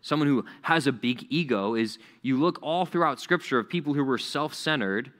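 A man's voice: mid-range voice, lively intonation, moderate pace, a bit bright. A male pastor preaching a sermon in a conversational, emphatic way, repeating key words for effect.

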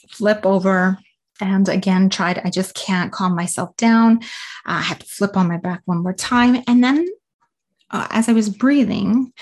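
A woman's voice: mid-range voice, a little mellow. A woman telling a story in a loose, chatty way. She often stops to restart a thought and fills the gaps with small fillers. She also breaks off to give listeners direct, practical advice. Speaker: triathlete recounting a race. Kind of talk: casual spoken storytelling.

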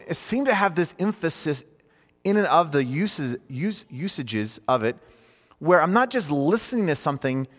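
Male preacher, earnest and informal, slightly high voice, long hall reverb. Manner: earnest, informal, rephrases himself often. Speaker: preacher teaching a class. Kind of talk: conversational sermon teaching.

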